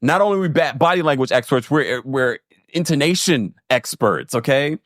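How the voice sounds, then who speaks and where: A man hosting a reality TV recap in a casual, animated way. He breaks into high, mocking voices whenever he acts out what someone said. The recording is dry and close to the mic. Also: normal speed, dry recording. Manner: animated, jumps into high mocking voices when quoting people.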